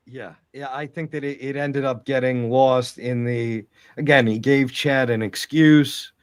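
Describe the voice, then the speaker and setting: A man co-hosting a casual commentary podcast, measured and a little dismissive. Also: mid-range voice, fairly even intonation, smooth, dry recording, studio quality.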